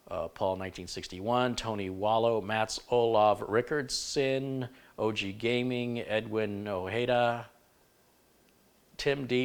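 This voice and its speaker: Male livestream host, low-ish voice, frank and chatty. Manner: frank, shifting between stern and chatty. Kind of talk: live-stream chat.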